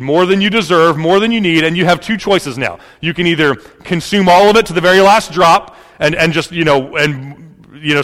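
A man preaching a sermon as pastor, in a casual, animated way with many fillers. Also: high-pitched, long reverb tail.

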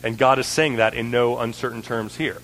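A man's voice: medium pitch, steady tone, moderate pace, a bit bright. Earnest male preacher in a reverberant hall. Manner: earnest, building in intensity, frequent "right?" checks. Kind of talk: sermon.

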